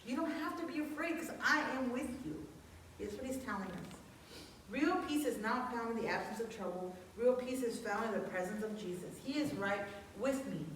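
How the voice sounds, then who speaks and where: A woman's voice: on the high side, normal speed, distant mic, a little hiss or hum. A woman preacher giving a chatty, earnest sermon, full of fillers and restarts. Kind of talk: conversational sermon. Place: church. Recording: echoey church hall from afar.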